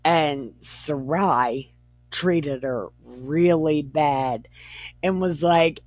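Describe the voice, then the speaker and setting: A woman retells old scripture with slang, swearing and frequent laughter, taking her time over each line. Her voice sits at a middle pitch and is recorded dry and close. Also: very slow, darkish tone, no echo. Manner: profane, slangy, laughs often. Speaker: comedic scripture reader. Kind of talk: irreverent casual retelling.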